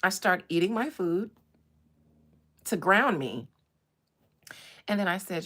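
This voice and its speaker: A woman hosting a casual chat about astrology and gossip, animated, swinging from low murmurs to loud bursts. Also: slow pace, long pauses. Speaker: host.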